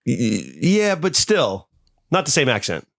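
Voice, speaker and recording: A man hosting a podcast, chatting casually and joking, with quick banter and frequent restarts. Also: mid-range voice, very animated, creaky, a bit bright. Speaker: podcast host. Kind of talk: casual chat.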